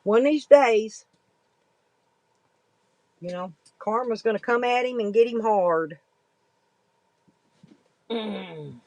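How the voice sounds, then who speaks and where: A woman's voice: fairly high pitch, expressive, slow, pauses often, darkish tone, dry recording, rough recording. A woman, talking casually and bluntly to viewers in a folksy, rambling way, with some cursing. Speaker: livestreaming vlogger.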